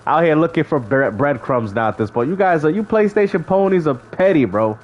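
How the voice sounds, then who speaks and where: Man, gaming streamer, high voice, very animated pitch, mocking banter, casual livestream. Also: a little fast, lo-fi sound. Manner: trash-talking, mocking, laughing often.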